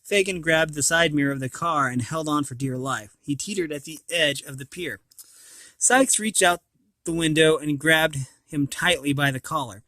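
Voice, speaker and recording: A man reading a children's storybook aloud, now and then stumbling and restarting a word. His voice is bright and a little high. The sound is close and dry. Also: normal speed, dry recording. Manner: animated reading, occasional slips and restarts. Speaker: storybook reader.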